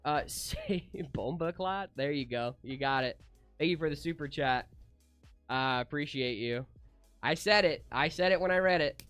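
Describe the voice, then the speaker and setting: A man co-hosting a casual livestream, reading chat aloud and answering in a relaxed, easygoing way. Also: medium pitch, moderate pace, smooth, dry recording, faint music behind. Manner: laid-back, reads chat aloud, calls people dude. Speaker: livestream co-host.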